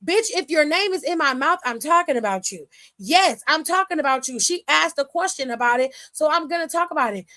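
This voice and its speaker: A woman's voice: high voice, animated, brisk, pushed and bright, dry recording. A woman putting on the voice of an angry female wrestler and ranting profanely at a rival. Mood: furious, taunting. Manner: profane, taunting tirade. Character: furious female wrestler, brash and defiant.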